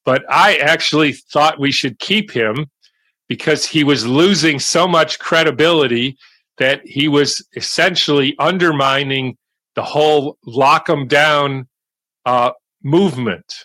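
Older guy, slow deliberate commentary, bright voice, dry close sound. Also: on the high side, no echo. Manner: slow, deliberate, measured delivery. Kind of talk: monologue commentary.

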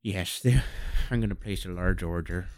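Man, lowish voice, deadpan mock-serious delivery, dry close mic, comedy show host. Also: moderate pace, no echo. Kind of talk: absurdist comedy radio chat.

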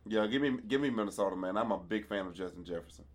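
Third co-host man, low voice, rattles off picks fast, crowd audible behind. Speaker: podcast co-host. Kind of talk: casual sports chat.

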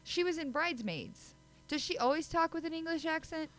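A woman's voice: high-pitched, lively intonation, a little fast, fairly bright tone, poor audio. A woman co-hosting a podcast, chatty and giggly, poking fun at herself in casual chat. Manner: giggly, chatty, self-deprecating. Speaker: podcast co-host.

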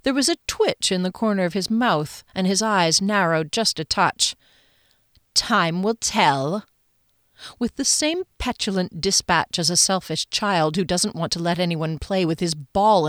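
A woman's voice: on the low side, no room sound, studio quality. Wry woman narrating an audiobook. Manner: wry, self-mocking. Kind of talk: first-person audiobook narration.

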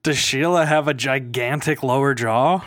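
A man's voice: mid-range voice, moderate pace, fairly bright tone. A man co-hosting a podcast in casual chat, dropping dry quips and teasing asides. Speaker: podcast co-host.

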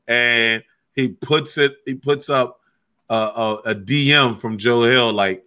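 A man who is a stand-up comic, chatting casually and telling animated stories, swearing freely and acting out what people said. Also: medium pitch, slow. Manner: animated storyteller, swears freely, acts out quotes. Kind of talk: casual podcast chat.

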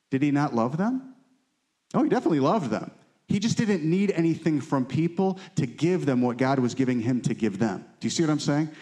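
His mid-range voice has a darkish tone as this married adult preaches to his congregation as their pastor. He talks conversationally and repeatedly asks "right?" to check in with his listeners.

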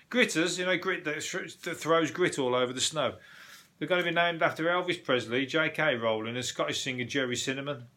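A man's voice: a little high, bright, forceful tone. A man hosting a casual news review, rambling, swearing and laughing as he goes. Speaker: podcast host.

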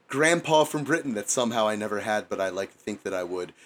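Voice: mid-range voice, expressive, fast talker, a bit bright. A podcast co-host in casual chat, making wry, joking asides.

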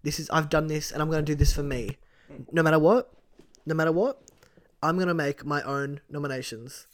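A man's voice: a little high, steady tone, brisk. A young man, co-hosting a casual podcast, chatty and jokey while steering the talk back on track. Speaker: podcast co-host. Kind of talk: casual reality-TV recap chat.

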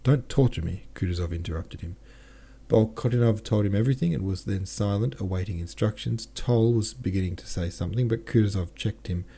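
A man's voice: fairly low pitch, fairly quick, gravelly, mellow, husky. A man hosting a podcast, reading a classic novel aloud with plain delivery and casual self-corrections and asides. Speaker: podcast host and audiobook reader.

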